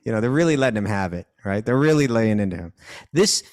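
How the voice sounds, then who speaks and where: Quick and lively, with a lowish, darkish voice, a man tells devotional stories in casual conversation. He acts out the characters' lines and keeps checking in with "you know" and "right?"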